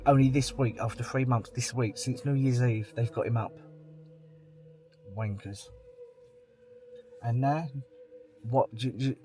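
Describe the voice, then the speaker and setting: A man's voice: mid-range voice, fairly even intonation, measured pace, long pauses, dark tone, soft background music. A man, talking to camera in a rambling, blunt, plain-spoken vlog monologue. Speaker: vlogger.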